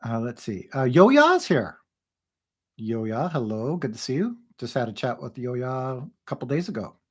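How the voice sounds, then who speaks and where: A man's voice: mid-range voice, big pitch swings, unhurried, slightly rough. Man, casual livestream host, reads chat comments aloud, laughs often, friendly chatter.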